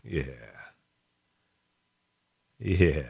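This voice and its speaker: Deep-voiced man hosting a radio show. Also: very slow, gravelly, dark tone, husky, dry recording. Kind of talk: casual radio banter.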